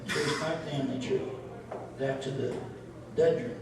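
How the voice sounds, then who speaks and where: A man's voice: fairly high pitch, steady tone, normal speed, lightly acted. A man voicing his wisecracking, rude ventriloquist dummy who heckles with crude quips, on a far mic in an echoing room. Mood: sarcastic. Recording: roomy echo, far mic, noise.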